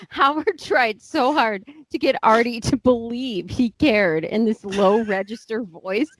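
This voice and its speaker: A woman co-hosting a podcast in casual chat, amused, with a drawn-out delivery. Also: a little high, a little hiss or hum. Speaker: podcast co-host.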